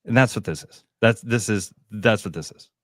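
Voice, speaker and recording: A middle-aged man co-hosting a radio sports talk show in casual banter, animated and sometimes slipping into comic voices when he retells a story. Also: on the low side, moderate pace, no echo, clean studio sound. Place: radio studio.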